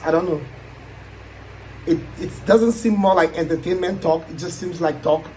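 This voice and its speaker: A man's voice: on the high side, normal speed, pauses often, darkish tone, a little hiss or hum, low-quality recording. Musing Nigerian man, casual talk. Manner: musing, thinking aloud with frequent trailing asides. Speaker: aspiring YouTuber. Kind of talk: casual reflective chat.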